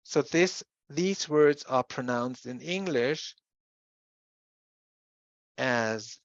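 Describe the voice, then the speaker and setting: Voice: mid-range voice, expressive, extremely slow, pauses often, no room sound. Lecturer, dull recording. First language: German. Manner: explanatory, spells out sounds and examples. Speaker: university lecturer.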